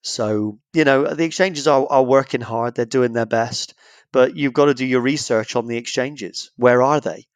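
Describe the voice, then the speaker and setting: A man's voice: medium pitch, normal speed, no room sound. A middle-aged English man, a guest author in a casual podcast interview, joking and acting out phone calls in little voices. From Britain.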